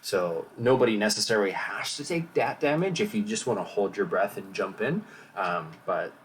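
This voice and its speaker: Soft-spoken man running a tabletop game. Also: on the low side, moderate pace. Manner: relaxed, explains rules with frequent fillers and restarts. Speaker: game master. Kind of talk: narrating a tabletop game over voice chat. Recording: distant mic with faint background hiss.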